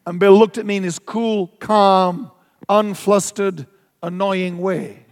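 A man preaching a storytelling sermon, animated and emphatic, acting out his own reactions. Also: sits high, slow pace, big-room sound.

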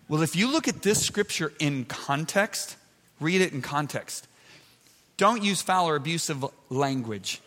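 A man preaching a sermon, emphatic, moving between loud shouted points and soft, close asides. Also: medium pitch, animated, normal speed. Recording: preached in a large reverberant hall.

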